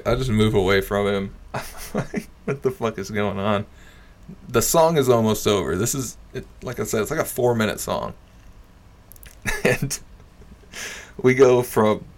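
A young man casually telling a story, swearing freely, laughing often and dropping into low mutters.

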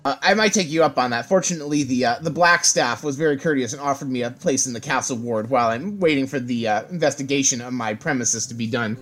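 A man playing a tabletop game, speaking politely in halting bits with many restarts. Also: mid-range voice, fairly bright tone. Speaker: player.

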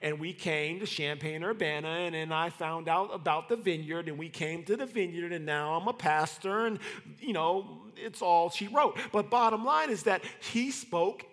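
A man in his thirties preaching with a slightly high voice. He tells the story in slangy, theatrical bursts, dropping to whispers and rising to shouts. The sound rings with the long reverb of a large church hall. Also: normal speed. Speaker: pastor. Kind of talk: sermon.

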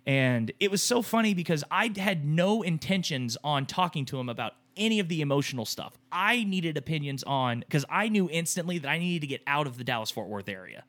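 A man's voice: on the high side, expressive, brisk, hardly any pauses, a bit bright. A man in his thirties co-hosting a casual chat, telling an emotional story in a rambling way with many restarts and some swearing. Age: 30s. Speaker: podcast co-host.

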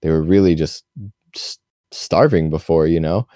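A man's voice: rumbling low, normal speed, mellow, dry recording, clean studio sound. A young man co-hosting a casual podcast, talking through his thoughts in a rambling, slangy way. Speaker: podcast co-host. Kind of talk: casual chat about an anime.

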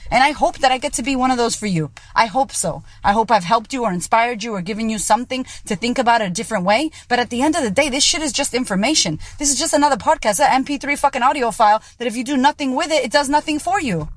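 A woman hosts her own podcast as a coach, talking straight to listeners in a blunt, profane motivational monologue. Her voice sits a touch high, and the sound is dry and close with no room around it. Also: fast talker, few pauses, no room sound. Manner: blunt and profane, keeps it real.

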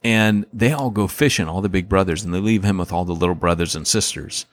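Rambling with lots of restarts and fillers, this podcast co-host acts out quotes and laughs a great deal as he tells his stories. His voice sits low, and he talks a little fast.

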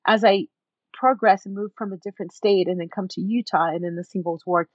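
A woman's voice: medium pitch, a little fast, no room sound, lo-fi sound. A woman guest in an interview, telling her own story emphatically and acting out what others said to her. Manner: emphatic, animated, acts out other people's words.

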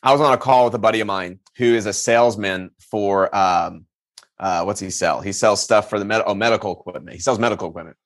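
A man being interviewed on a podcast, talking casually and telling lively stories, full of slang and filler words. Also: lowish voice, fast. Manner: animated storyteller, slangy, lots of "like". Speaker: podcast guest.

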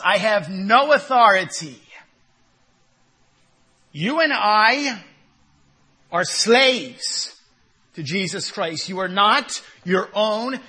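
A man preaching a sermon in a high, very bright voice with a husky edge. He drives his points home with rhetorical questions and repeats single words for emphasis, swelling into loud commands. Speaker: pastor.

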